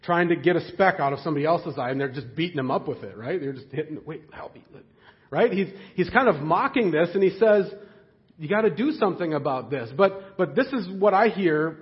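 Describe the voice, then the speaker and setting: A man preaching a sermon in a conversational, animated way, with frequent fillers and restarts. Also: fairly high pitch, a little fast, highs cut off. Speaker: pastor.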